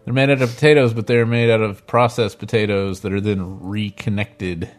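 A man's voice: lowish voice, little pitch movement, moderate pace. A man co-hosting a podcast, explaining things in a matter-of-fact way amid casual banter. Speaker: podcast co-host.

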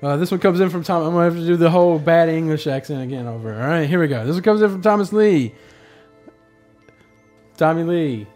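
A man hosting a casual gaming podcast, reading listener emails aloud in a relaxed way. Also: on the high side, brisk, soft background music. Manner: relaxed, reads letters aloud with fillers.

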